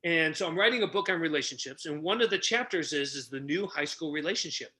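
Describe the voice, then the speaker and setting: A middle-aged man who tells stories with a lot of energy on a podcast and acts out the people he quotes. He works as a relationship coach. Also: quick pace. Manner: energetic, acts out quotes with big pitch jumps. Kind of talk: animated storytelling.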